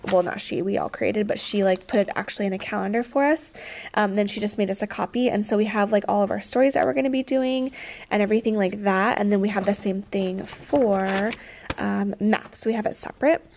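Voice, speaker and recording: A woman's voice: medium pitch, steady tone, fairly quick, gravelly, darkish tone, slight background noise. A young woman in her twenties, a teacher vlogging in a casual, chatty way with lots of fillers, her nose stuffed up from allergies. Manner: chatty, upbeat, many fillers. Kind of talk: casual vlog chat. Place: school classroom.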